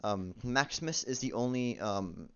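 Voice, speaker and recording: A man rambles through a casual, profane amateur movie review, halting often and restarting his sentences. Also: medium pitch, expressive, fairly bright tone, clean tone. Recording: dull lo-fi recording.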